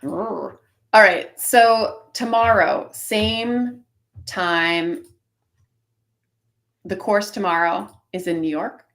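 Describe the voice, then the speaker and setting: A woman's voice: mid-range voice, extremely slow, long pauses, a bit bright. A woman co-hosting casual live commentary on an online cycling race, chatty and explaining tactics with plenty of fillers.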